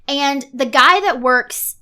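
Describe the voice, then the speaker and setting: Woman podcast co-host, high bright voice, fast joking recaps. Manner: rapid plot recap, laughing asides. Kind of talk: casual movie review chat.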